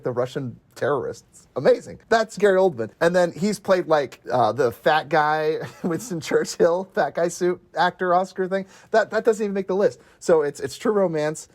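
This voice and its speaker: A young man co-hosting a podcast, talking in an excited, gushing way and laughing often. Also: a little high. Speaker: podcast co-host. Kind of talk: casual chat.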